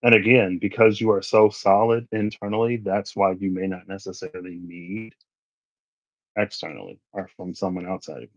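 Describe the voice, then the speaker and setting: A man's voice: low voice, fairly even intonation, normal speed, dry recording. A man giving a casual tarot reading, thinking aloud and wandering into asides. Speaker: tarot reader. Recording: dry, slightly muffled recording.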